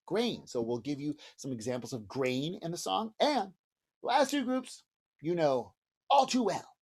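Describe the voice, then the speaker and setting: A man's voice: on the high side, expressive, normal speed, slightly rough. A man teaching a music lesson to preschoolers, speaking cheerfully and directly to young children, with singing and drumming between explanations. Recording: home video with drum and banjo music.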